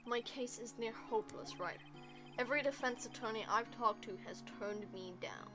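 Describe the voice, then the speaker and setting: A woman's voice: on the high side, normal speed, faint music behind, lightly acted. A woman voicing a cool, arrogant young male prosecutor in a posh British accent, curt and condescending. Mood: guarded.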